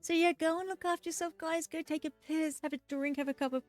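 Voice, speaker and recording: High-voiced giggly woman streamer. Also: fast, soft background music. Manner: excitable, giggly, chatty. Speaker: game streamer. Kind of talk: casual live-stream chat while playing.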